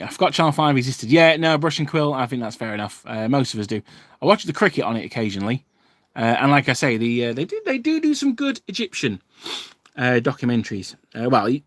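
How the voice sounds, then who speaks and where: A man hosts a livestream for his wargaming channel, chatting casually and rambling with lots of fillers and restarts. His voice is medium in pitch, and the recording has no echo.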